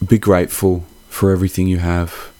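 A man's voice: sits low, level tone, brisk, mellow, dry recording. A young man hosting a podcast. He gives a casual, heartfelt holiday sign-off that rambles and swears freely. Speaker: podcast host.

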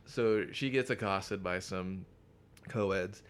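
A man co-hosting a podcast, casually retelling a comic's plot with lots of swearing and quick character voices. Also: low voice, smooth. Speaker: podcast co-host. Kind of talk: casual comic book chat.

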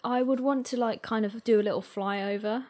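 A woman's voice: fairly high pitch, steady tone, moderate pace, darkish tone, a little hiss or hum. A woman co-hosting a podcast, chatting casually and using "like" a lot. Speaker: podcast co-host. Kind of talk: casual chat.

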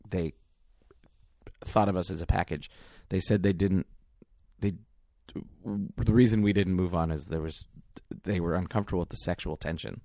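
A man co-hosting a podcast, telling anecdotes in a relaxed, wry, casual way. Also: low-pitched, no echo, studio quality. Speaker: podcast co-host. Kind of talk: casual chat, storytelling.

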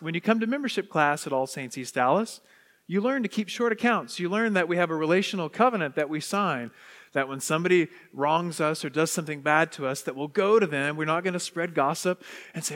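Priest preaching, fairly high voice, goes hushed then loud, big echoey church. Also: male voice, brisk. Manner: animated, swings from hushed to exuberant shouts. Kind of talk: sermon. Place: church sanctuary. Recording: long church reverb.

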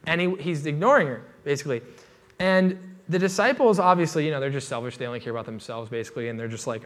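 A man's voice: fairly high pitch, animated, quick pace. A man preaching a sermon in a loose, casual way, with many fillers and restarts.

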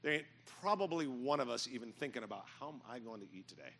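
A middle-aged man preaching a sermon in a church, telling stories and building to loud, emphatic points. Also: medium pitch, animated, fast, gravelly, breathy edge. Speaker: pastor. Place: church sanctuary.

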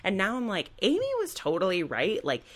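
A woman's voice: mid-range voice, huge pitch swings, brisk. A woman co-hosting a podcast, chatting casually and animatedly retelling TV scenes. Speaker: podcast co-host. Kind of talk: casual chat.

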